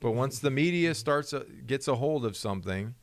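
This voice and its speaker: A man who once played football, co-hosting a casual sports chat and talking in an animated way. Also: mid-range voice, normal speed. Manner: animated, acts out voices of others. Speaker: co-host, former football player.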